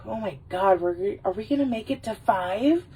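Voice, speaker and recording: A woman rambles through a casual livestream chat, laughing and swearing often. Her voice sits at an ordinary middle pitch. She sounds a little away from the microphone. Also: animated, normal speed, warm tone, breathy edge. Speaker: livestream host. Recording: voice a little far from the mic.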